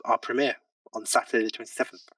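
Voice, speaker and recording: A man's voice: medium pitch, level tone, fast, pushed and bright, no room sound, recorded from a distance, poor audio. A man who plays tabletop games, chatting on a podcast in a self-deprecating way, with lots of likes and ums. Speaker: tabletop game player and podcast guest. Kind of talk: casual podcast chat.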